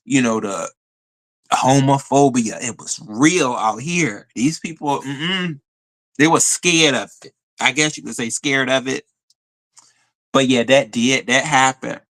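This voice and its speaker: A man hosting a live stream, telling a story in a chatty, animated way and answering viewer comments. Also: mid-range voice, measured pace. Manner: animated storytelling, addresses viewers as y'all, frequent fillers. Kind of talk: casual live stream chat reading comments.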